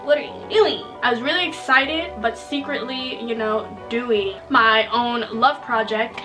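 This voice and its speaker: A woman's voice: on the high side, a little slow, far from the mic, music in the background, low-quality recording. A young woman vlogger telling a story from her childhood in a chatty, joking way, often tagging lines with "okay?". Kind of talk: casual storytelling to viewers.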